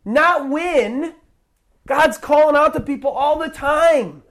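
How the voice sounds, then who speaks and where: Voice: high voice, slow, fairly bright tone. Urgent, pleading evangelistic preacher. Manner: restarts phrases often. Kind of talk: evangelistic sermon.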